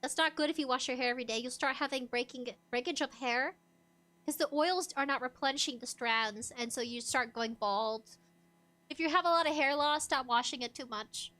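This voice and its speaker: High, bright, giggly woman streamer. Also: a little fast. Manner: giggly, animated, laughs often. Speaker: VTuber streamer. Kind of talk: casual livestream chat, reacting to a video.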